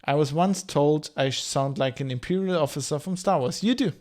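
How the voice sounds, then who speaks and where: Man, 30s, German-tinged accent, slight rasp, rambling stream chat, somewhat high voice. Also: moderate pace, darkish tone. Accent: German-tinged mixed English. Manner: rambling, chatty, reads chat aloud. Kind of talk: casual game commentary.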